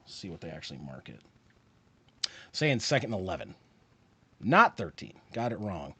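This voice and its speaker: A man calling a football game play by play on his live stream, rising with excitement on big plays and dropping to quiet muttered asides. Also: sits low, normal speed, long pauses. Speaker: streamer and sports commentator.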